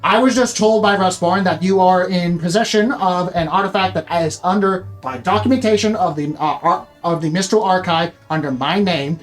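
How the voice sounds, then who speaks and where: A game master voicing a fussy male archivist wizard with a nasal voice, rushing through a long magical message in bureaucratic rambling. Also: mid-range voice, soft background music, natural voice. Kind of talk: tabletop role-play voice.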